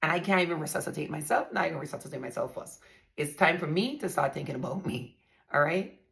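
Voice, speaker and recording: Woman podcast host, low gravelly voice, blunt and emphatic, telling her own story. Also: fast, fairly bright tone. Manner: blunt, emphatic, talks straight to listeners. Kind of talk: candid storytelling monologue.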